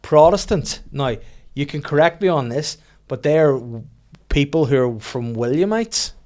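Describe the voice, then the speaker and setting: Apresentador contando histórias. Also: male voice, fairly high pitch, lively intonation, a little mellow. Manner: storytelling, quick, laughs often. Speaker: podcast host. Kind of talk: casual chat.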